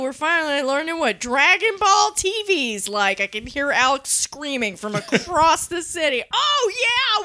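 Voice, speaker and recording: A woman's voice: high voice, bright, forceful tone. A woman hosting a podcast, recapping an anime episode in a sarcastic, joking way. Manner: sarcastic, joking, puts on character voices in quotes. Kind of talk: casual comedic recap chat.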